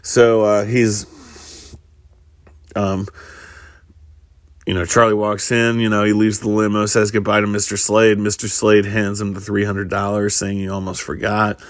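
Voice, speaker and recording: A man's voice: fairly low pitch, completely flat delivery, unhurried, long pauses, no echo, clean studio sound. A man casually retelling a film plot, rambling with lots of fillers and restarts. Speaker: storyteller recapping a film. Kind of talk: casual spoken film recap.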